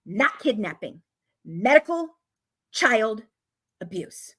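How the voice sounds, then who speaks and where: Woman true-crime commentator, high voice, emphatic, angry, swears, repeats herself for effect. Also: sing-song, a little slow, a bit bright. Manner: emphatic, repetitive, swears when worked up. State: openly angry. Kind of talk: casual true-crime rant to viewers.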